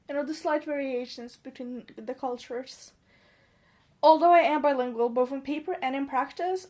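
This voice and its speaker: A young Norwegian vlogger with a high-pitched, slightly mellow voice speaks English as a second language, her accent a Norwegian-tinged mix of American and British. Tipsy late at night, she rambles and mocks herself, trailing off and starting over.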